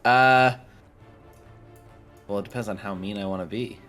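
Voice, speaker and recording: A man's voice: fairly low pitch, normal speed, a bit bright, soft background music. Wry man playing a tabletop game. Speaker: player.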